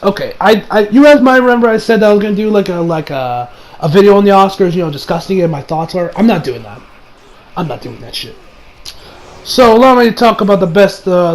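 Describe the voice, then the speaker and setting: A man's voice: sits high, slight background noise, rough recording. A man giving a casual, rambling video review of an anime, full of fillers, restarts and swearing.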